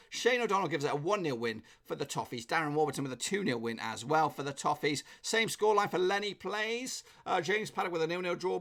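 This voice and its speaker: Man, English accent, slightly hoarse, chatty live-stream host, fairly high voice. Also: a bit bright. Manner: chatty, reads out viewer predictions. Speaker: football predictions streamer. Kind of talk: casual live-stream chat.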